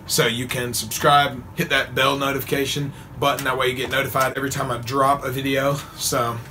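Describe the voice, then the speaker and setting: Young man, vlogger, bright tone, faint background noise, laughing storyteller. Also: medium pitch. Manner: animated, laughs often, acts out quotes. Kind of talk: casual storytelling.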